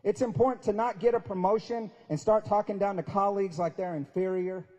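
A man's voice: high voice, fairly even intonation, fairly quick, warm tone. Emphatic male speaker in a reverberant hall. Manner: emphatic, preachy with folksy humor. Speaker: guest speaker. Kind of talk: sermon-style speech at a prayer breakfast. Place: large event hall at a university.

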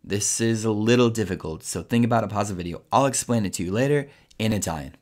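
Patient low-voiced man teaching grammar. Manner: patient, repeats phrases slowly. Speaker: language teacher. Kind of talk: explaining grammar step by step.

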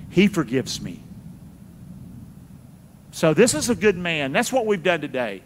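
A middle-aged pastor preaches in a large church, his high voice carrying a long reverb through the hall. He talks slowly, repeating phrases and calling on the congregation to respond. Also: a bit bright. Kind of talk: sermon.

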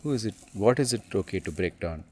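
A man, a spiritual teacher, talks casually and bluntly in an animated way, laughing often and calling the listener man and dude. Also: on the low side, fast.

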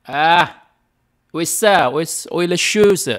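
A man putting on a hammy French-speaking gentleman persona during a gaming livestream, with theatrical, sing-song exclamations. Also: on the high side, measured pace, pitched above the performer's own voice. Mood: playful.

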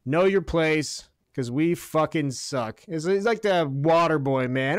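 A man's voice: a little high, animated, a little slow, no echo. A man co-hosting a sports podcast, ranting about his team with heated sarcasm and lots of swearing. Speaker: podcast co-host. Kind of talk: profane sports rant.

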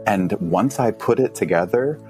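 A man tells a story on a podcast in a low, lively voice. He laughs often and leaps up in pitch when he acts out his younger self. Faint music plays behind him. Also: moderate pace. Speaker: podcast guest. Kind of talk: casual storytelling.

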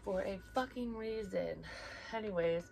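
A woman's voice: mid-range voice, a little slow, gravelly, darkish tone, slight background noise. A young woman talking casually as a psychic reader, blunt and rambling, swearing often and sometimes dropping to a whisper. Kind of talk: casual personal chat.

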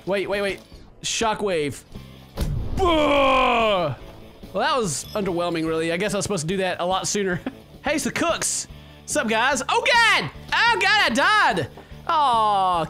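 Male gaming host, animated and exclamatory, bright tone, faint music behind. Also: high-pitched. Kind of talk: casual let's play commentary.

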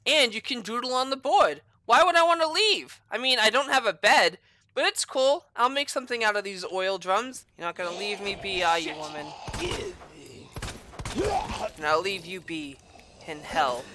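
Bright-voiced woman swearing through a horror game. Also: fairly high pitch, moderate pace. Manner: crude, swears a lot, jokey; yelps and shouts when startled. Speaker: gamer playing a horror game. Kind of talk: let's play commentary.

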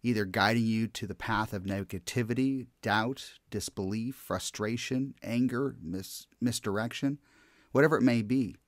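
A man's voice: on the low side, normal speed, dry recording, clean studio sound. A man hosting a podcast interview, speaking in an encouraging, affirming way. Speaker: podcast host, hypnotist and corporate trainer. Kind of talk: casual interview chat.

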